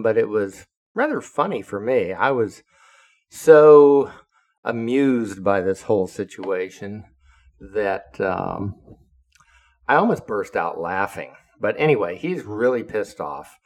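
Retired naval officer, older man, low and gravelly, blunt and foul-mouthed storyteller. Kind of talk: casual spoken anecdote.

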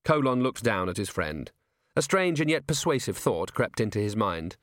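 A man narrating an audiobook in a measured, wry storytelling manner. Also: on the low side, big pitch swings, fairly bright tone, no echo, studio quality. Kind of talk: scripted narration.

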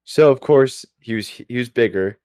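A young man co-hosting a podcast, telling rambling stories in casual chat with halting restarts. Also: medium pitch, a little mellow, dry recording, clean studio sound. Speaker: podcast co-host.

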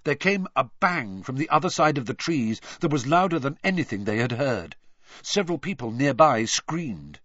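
A man reading a novel aloud as an expressive audiobook narrator. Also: medium pitch, normal speed, no echo, muffled recording. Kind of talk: scripted narration.

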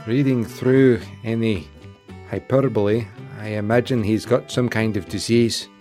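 A man voicing a tough female tavern owner in a put-on Scottish accent, gruff and wry, for a tabletop game. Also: lowish voice, fairly even intonation, measured pace, mellow, faint music behind, close to an everyday voice. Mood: wary.

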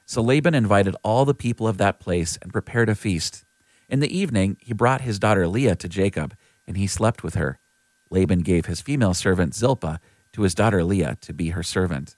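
Brief: steady male scripture reader, expressive low voice, dry studio sound. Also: a little fast, no echo. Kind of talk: scripted Bible reading.

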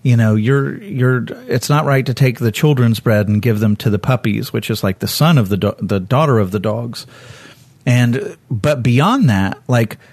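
A man teaching a Bible passage in a conversational sermon. He is candid, corrects himself as he goes, and acts out the people in the story with sudden jumps in pitch. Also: moderate pace, a little mellow, slightly rough, no echo. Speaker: preacher.

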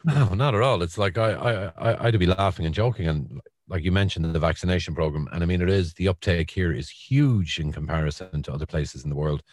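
A man's voice: low voice, brisk, darkish tone, dry recording, clean studio sound. A man with a Cork Irish accent, hosting a podcast in a casual chatty way and telling stories with laughs. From Ireland. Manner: chatty storyteller, laughs along. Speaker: podcast host. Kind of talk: casual chat.

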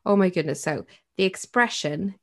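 A woman's voice: fairly low pitch, normal speed. An Irish woman co-hosting a podcast, chatty and effusive in casual conversation. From Ireland. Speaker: podcast co-host. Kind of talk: casual chat.

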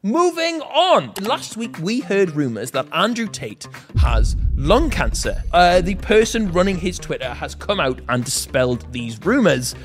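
A man's voice: on the high side, very animated, measured pace, faint music behind. A man with a British accent hosting a comedy news roundup, delivering scripted items with sarcastic asides and swearing. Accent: British English.

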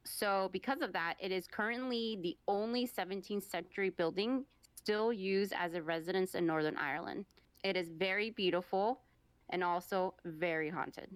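Playful and giggly, this podcast co-host, a young woman, mixes casual chat and storytelling with readings from her research notes. She speaks at a normal speed in a mid-range voice with a clean tone and no echo.

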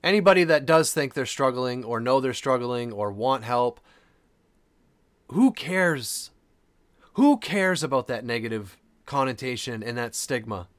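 A man's voice: mid-range voice, animated, a little slow. A man hosting a podcast, talking casually and earnestly, repeating phrases for emphasis. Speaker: podcast host.

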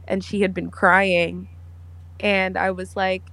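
A woman co-hosting a casual podcast, telling stories in a bubbly, animated way. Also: medium pitch, slow. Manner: bubbly storyteller, animated, lots of "like". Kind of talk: casual chat.

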